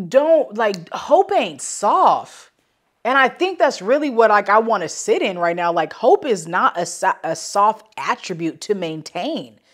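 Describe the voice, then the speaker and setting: Emphatic woman preaching hope on a podcast. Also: a little high. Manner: emphatic and preachy, casual slang, repeats phrases for emphasis. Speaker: podcast host. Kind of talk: motivational solo podcast talk.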